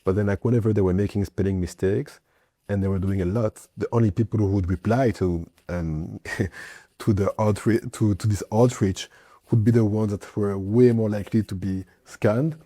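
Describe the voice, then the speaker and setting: A man with a low, dark and mellow voice chats loosely as host, filling his talk with asides and fillers. The sound is dry and close. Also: steady tone, normal speed, no room sound. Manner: chatty, many fillers and hedges. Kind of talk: casual conversation.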